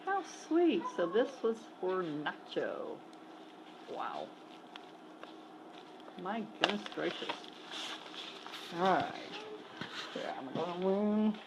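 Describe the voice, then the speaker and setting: A cat sanctuary worker from the southern United States gives a casual filmed tour of the shelter, cooing baby talk at the cats. Her lowish voice swings widely in pitch as she speaks slowly with frequent pauses. Background noise is heavy.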